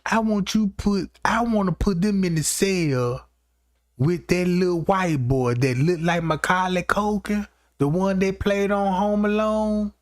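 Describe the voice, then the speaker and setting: Streamer, male, slightly high voice, dry close sound; loose, rambling comic rant full of profanity. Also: unhurried, no room sound. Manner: rambling, keeps asking "you know what I'm talking about". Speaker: livestream host.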